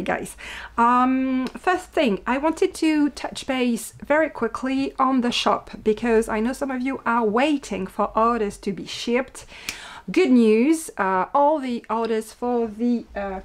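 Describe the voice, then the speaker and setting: A French woman with a French accent, hosting her own podcast in casual chat and talking quickly with many fillers. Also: on the high side. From France. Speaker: podcast host and indie yarn dyer.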